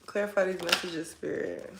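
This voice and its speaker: A woman's voice: on the low side, fairly even intonation, normal speed, creaky, echoey room, noisy background. A woman giving a casual tarot reading from home, talking straight to her viewers in a chatty, heartfelt way. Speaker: tarot reader. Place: at home, kids nearby.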